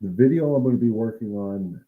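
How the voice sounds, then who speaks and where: A man's voice: lowish voice, fairly quick, phone-quality sound. A man who trains dogs, talking casually to his viewers in a livestream Q&A, earnest and coaching. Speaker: dog trainer answering viewer questions.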